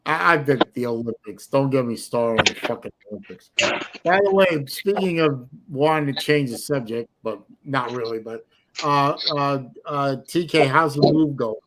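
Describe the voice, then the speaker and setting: A man in casual livestream banter, wry and blunt, swearing and quick to change the subject. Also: mid-range voice, lively intonation, a crowd in the background, low-quality recording. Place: livestream call.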